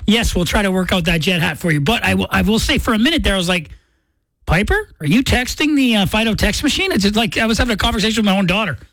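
A woman's voice: medium pitch, very fast, few pauses, fairly bright tone, no room sound. A woman hosting a morning radio show, telling a story in a chatty, playful way. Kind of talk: casual radio chat. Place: radio studio.

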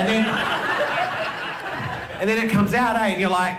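A high-voiced man with a New Zealand accent performs stand-up, animated and mimicking characters. The set rings in a roomy live space. Loud crowd ambience sits under it. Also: moderate pace, long pauses, heavy background noise. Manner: animated, acts out childhood voices. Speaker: stand-up comedian. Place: comedy stage, played as a clip.

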